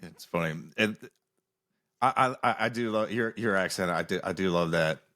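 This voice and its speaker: A man hosting a podcast in easygoing casual chat, halting and searching for his words. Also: low voice, sharp tone. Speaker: podcast host.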